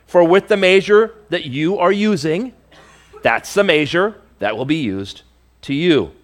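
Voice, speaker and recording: A male pastor preaching a conversational, emphatic sermon to his congregation. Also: fairly high pitch.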